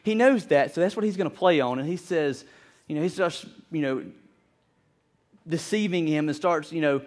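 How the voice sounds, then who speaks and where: A man preaching a sermon to his congregation, earnest and animated, often repeating words as he builds his point. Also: a little high, normal speed. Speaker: pastor.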